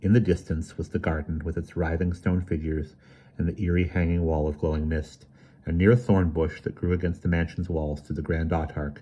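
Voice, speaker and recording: A man reading a children's mystery novel aloud in steady, measured narration. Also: low-pitched. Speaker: audiobook reader. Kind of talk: storybook narration.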